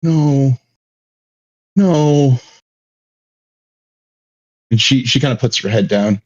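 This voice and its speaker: A man's voice: fairly low pitch, fairly even intonation, fast talker, slightly rough, muffled recording. A man running a tabletop game as game master, narrating with many halts and restarts.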